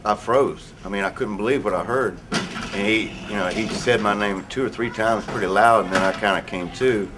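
A man being interviewed, recalling a painful memory in a halting voice with many pauses. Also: fairly low pitch, over music. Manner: halting, pausing often. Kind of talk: emotional recollection.

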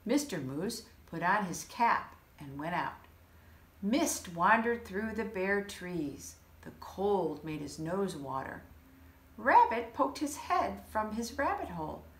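Unhurried woman reading a story aloud. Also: mid-range voice. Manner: expressive, unhurried. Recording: echoey room.

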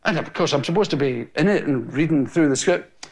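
A man's voice: on the high side, animated, a little fast, darkish tone. A Scottish man in his forties, a stand-up comedian telling stories to a live audience and laughing as he acts out the scenes. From Scotland. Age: 40s. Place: TV studio with an audience. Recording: noisy old TV recording.

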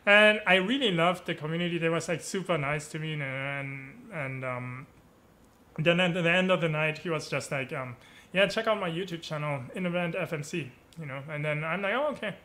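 A young man from Germany with a high, bright voice tells stories as an interview guest. He acts out what other people said, jumping in pitch and volume. He keeps tagging his sentences with "you know" and "right". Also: moderate pace. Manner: animated storyteller who acts out quoted dialogue with lively voice shifts. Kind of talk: casual storytelling conversation.

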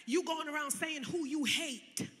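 A woman pastor preaching a sermon in a casual, colloquial way, swinging from loud shouting to soft, chatty asides. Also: sits high, unhurried, long reverb tail, slight background noise. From Connecticut, USA. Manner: casual, colloquial preaching with direct address to the congregation. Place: large church sanctuary.

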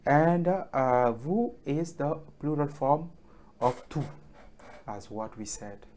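A man leads an online French lesson at an unhurried pace. He drills each phrase again and again with patience, filling gaps with hesitant pauses. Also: a little high, a little mellow. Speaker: French teacher.

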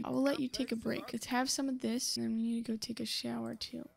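Talking fast with vocal fry in a slightly high, level voice, a young gaming-channel host chats her way through gameplay. She addresses the game's characters directly and scolds them.

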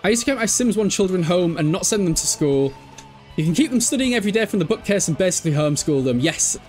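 A young man chats through a live game stream, swearing freely and laughing a lot. His fairly high voice swings up and down with animated energy. Faint music sits behind him. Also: fast talker. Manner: chatty, sweary, laughs often, reads chat aloud. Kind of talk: casual live game commentary.

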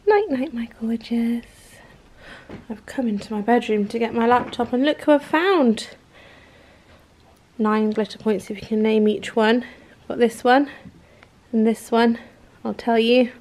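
A woman's voice: on the high side, fairly even intonation, a little slow, long pauses, darkish tone. A woman, chatting casually and rambling to camera at home in a vlog, with lots of fillers and self-deprecating asides. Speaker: vlogger.

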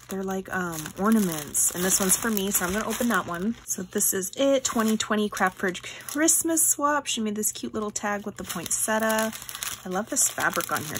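A woman hosting a craft channel, unboxing handmade gifts in a gushing chat, with breathy exclamations and soft whispered asides. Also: medium pitch, background noise.

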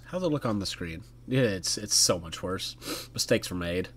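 A man's voice: low-pitched, animated, moderate pace, slightly rough. Chatty man doing game commentary. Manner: chatty, jokey, talks to the game. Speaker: gaming YouTuber. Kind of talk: casual let's-play commentary.

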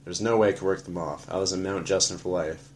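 A man narrating an audiobook in a flat, matter-of-fact first-person telling. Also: low-pitched, fast, a little hiss or hum.

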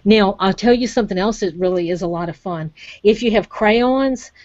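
A woman's voice: mid-range voice, normal speed, darkish tone, no room sound, dull audio. Encouraging woman demonstrating crafts. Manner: encouraging, chatty, addresses viewers as y'all. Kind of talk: live online craft demonstration.

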